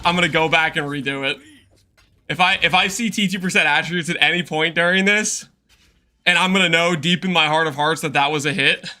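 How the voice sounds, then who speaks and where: A male streamer chatting casually over his game, rambling, repeating phrases and breaking into laughter. His voice sits fairly high and has a very bright, sharp edge. He talks loosely, the way someone does to a live chat.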